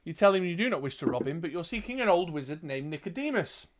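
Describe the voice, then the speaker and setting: A man's voice: on the high side, big pitch swings, quick pace. A man reading a gamebook aloud as game master, with chatty asides. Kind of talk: narrating a gamebook playthrough.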